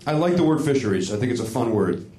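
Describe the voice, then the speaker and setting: Animated man hosting a live comedy podcast. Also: medium pitch, reverberant, crowd noise. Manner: animated, quick to laugh, jokey. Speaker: podcast host. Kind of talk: casual comedic banter.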